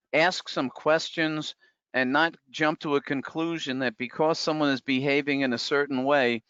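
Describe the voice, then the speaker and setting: A man's voice: a little high, fairly bright tone, smooth, no echo. Man giving a muffled webinar talk. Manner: conversational, many fillers and restarts, reads out chat comments. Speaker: webinar presenter. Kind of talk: live online presentation.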